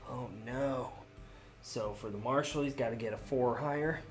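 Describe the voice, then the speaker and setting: A man's voice: mid-range voice, moderate pace, music in the background. A man casually playing a solo tabletop game, reading out cards and reacting aloud to his dice rolls. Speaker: solo game player and host.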